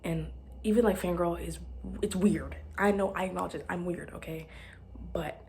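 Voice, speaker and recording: A woman's voice: on the low side, steady tone, moderate pace, a little mellow, slight background noise. Sleepy rambling young woman, lightly Southern. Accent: light Southern American. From Arkansas. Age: young adult. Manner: sleepy, rambling, often drops to a whisper. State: tired. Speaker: podcast host. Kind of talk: casual solo podcast rambling.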